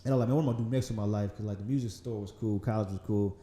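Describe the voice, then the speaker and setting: A man in his thirties with a light Southern accent, a podcast guest talking in a relaxed, rambling way, often laughing and saying "man". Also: lowish voice, racing, roomy sound. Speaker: magazine founder, podcast guest. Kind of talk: casual interview conversation. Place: podcast studio.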